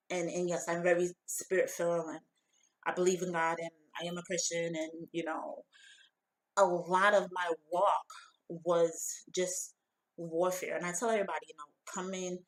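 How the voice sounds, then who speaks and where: A woman's voice: on the low side, rough recording. A middle-aged woman giving a heartfelt, emotional personal testimony, talking loosely with lots of "like" and "you know". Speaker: founder of a women's empowerment group.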